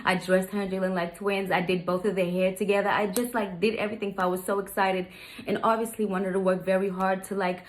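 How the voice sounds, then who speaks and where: A woman's voice: medium pitch, little pitch movement, fast. A woman in her thirties telling a personal story in a chatty, casual way, often turning to her viewers. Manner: chatty, repeats "you guys" to viewers. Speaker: vlogger.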